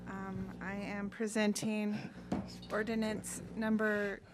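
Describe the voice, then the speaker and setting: Give me a woman in a flat steady voice carefully presenting at a meeting, with background noise. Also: medium pitch, takes it slowly. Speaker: library director.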